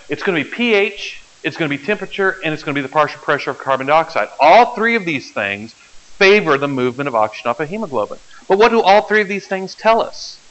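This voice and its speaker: A man's voice: sits high, fairly bright tone. A man teaching a biology class, explaining step by step and often checking that the students follow. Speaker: biology lecturer. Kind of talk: classroom lecture. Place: lecture hall. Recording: dull lo-fi classroom recording.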